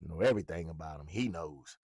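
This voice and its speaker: Deep-voiced man ranting profanely. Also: animated, fast talker, darkish tone, slightly rough, no echo. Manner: profane, mocking and confrontational. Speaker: sports commentator. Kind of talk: ranting fan commentary.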